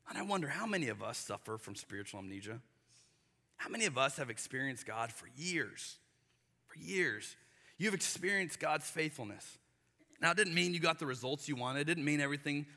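Male pastor, thirties, lively sermon delivery with acted-out asides; bright tense tone, recorded live in a reverberant church hall. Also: a little high. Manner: animated storytelling, acts out voices with exaggerated emphasis.

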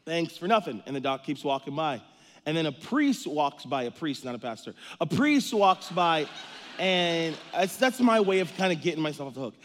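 Joking pastor with a slightly high voice. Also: male voice, moderate pace, big-room sound. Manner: energetic, joking storyteller. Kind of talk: sermon.

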